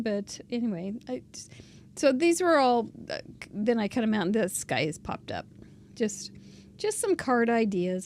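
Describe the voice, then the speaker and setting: A woman hosting a crafting video, chatting casually and thinking aloud as she shows cards, often trailing off softly. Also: mid-range voice. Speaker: crafting channel host. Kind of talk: casual crafting show-and-tell.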